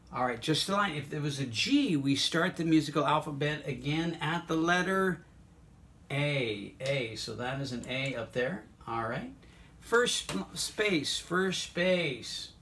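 A man teaching an online music lesson, encouraging students and walking them through note names and vocal warm-ups. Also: fairly high pitch, a little hiss or hum.

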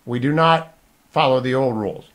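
A man's voice: mid-range voice, moderate pace. Emphatic talk radio host, man. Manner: emphatic, argumentative, rising to loud outbursts. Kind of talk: radio talk show monologue.

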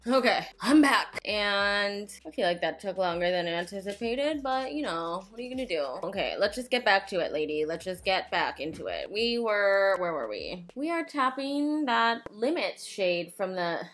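A woman's voice: medium pitch, animated, moderate pace, few pauses, fairly bright tone. A young woman talking casually through a makeup tutorial, rambling into self-mocking asides. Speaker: beauty vlogger.

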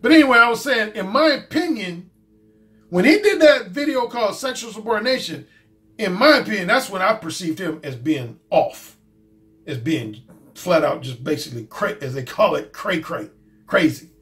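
Talking at a moderate pace, this man has a high, animated, fairly bright voice. He's a dating coach hosting his own YouTube channel, giving blunt, profane, casual commentary and going over his points again and again.

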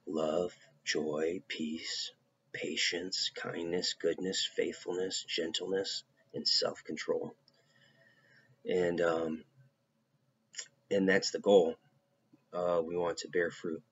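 A man giving an informal devotional talk, casual and halting, with many fillers. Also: low voice, level tone, gravelly, a bit bright, slightly rough. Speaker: preacher. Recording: dull lo-fi recording.

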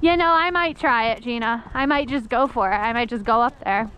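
Riding a horse on an outdoor trail, a young woman vlogs casually, chatty and giggly as she teases her horse, recorded on a helmet or body-mounted action camera. Her voice is a little high, a little fast and a bit bright, with slight hiss or hum.

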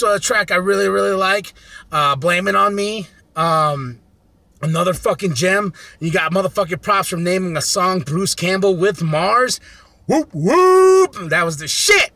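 Excitable, high-voiced man ranting about music. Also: no echo. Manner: excitable, profane, swings into loud rants. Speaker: music review vlogger. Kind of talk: casual profane album review.

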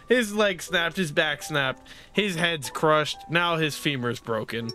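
A young man doing let's play commentary, excitable and sarcastic, pleading and shouting at the game as he plays. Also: on the high side, takes it slowly, faint music behind. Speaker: gaming YouTuber.

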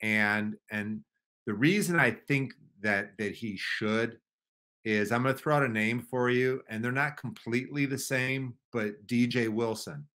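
Man, podcast co-host, measured analysis, casual chat, mid pitch, bright tone.

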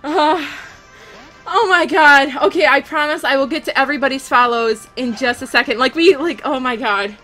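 A young woman live-streaming a game, rapidly thanking viewers and shaking with excitement. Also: high-pitched, soft background music.

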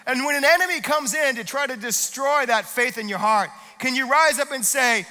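High, bright-voiced man preaching a sermon. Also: normal speed, hardly any pauses, big-room sound. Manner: energetic preaching, rising to shouted declarations. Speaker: pastor. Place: church auditorium.

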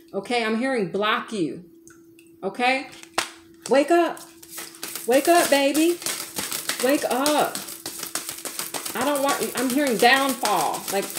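High-voiced woman giving an emphatic tarot reading. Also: reverberant, slight background noise. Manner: coaxing, emphatic, calls listener baby and honey. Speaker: tarot reader.

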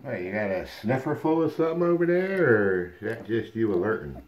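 A man's voice: on the low side, big pitch swings, brisk, highs cut off, a little hiss or hum. A man breeding dogs, talking casually to puppies on a home video and cooing at them playfully, sometimes in a whisper. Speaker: dog breeder. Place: indoor room at home.

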